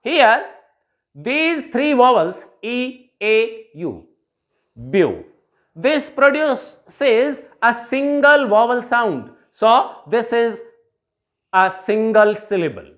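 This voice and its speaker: A woman with an Indian accent teaching English syllables in a classroom-style lesson. She drills words slowly and repeats them for learners to copy. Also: fairly high pitch, sing-song.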